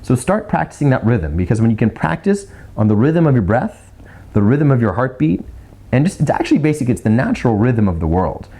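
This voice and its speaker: A man hosting a video, giving casual advice on speaking clearly, chatty and full of restarts, sometimes slowing into a deliberate rhythmic delivery. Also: medium pitch, sing-song, mellow. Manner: chatty, repeats words, demonstrates slow rhythmic delivery. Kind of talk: casual teaching monologue.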